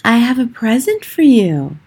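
A woman reading aloud and voicing a sinister, smiling witch who slowly coaxes a child, with a husky voice. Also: fairly high pitch, very animated, a little mellow, pitched above the performer's own voice, full character voice. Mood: coaxing.

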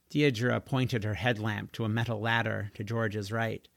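A man narrating a family storybook chapter in a measured, expressive read. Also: fairly low pitch, gravelly, no echo, studio quality. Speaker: audiobook narrator. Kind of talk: storybook reading.

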